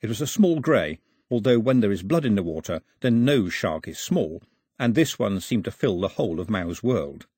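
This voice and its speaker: Husky, expressive male storyteller. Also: on the low side, moderate pace, dry recording, studio quality. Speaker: narrator. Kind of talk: audiobook narration.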